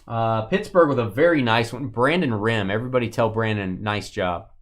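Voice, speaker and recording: Chatty and joking, this live card break host opens sports cards on a stream and greets viewers by name. He talks at a moderate pace in a lowish voice.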